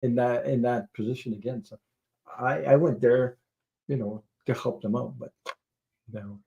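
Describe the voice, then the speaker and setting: A man's voice: medium pitch, fairly even intonation, normal speed, vocal fry, warm tone, dull audio. A middle-aged man hosting a tarot livestream, chatting in a rambling way, laughing often and swearing casually. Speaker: tarot reader and livestream host.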